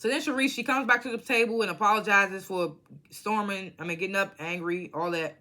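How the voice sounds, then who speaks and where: A woman's voice: medium pitch, brisk. A woman giving a casual reality TV episode recap, blunt and profane, acting out the cast's lines as she tells it. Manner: blunt, profane, animated storytelling.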